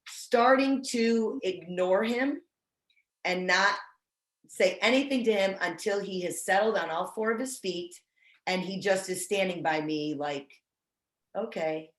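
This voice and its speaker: A woman's voice: mid-range voice, unhurried. Woman, dog trainer, casual video-call chat, roomy sound. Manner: chatty, self-deprecating, restarts often. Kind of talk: casual online training talk.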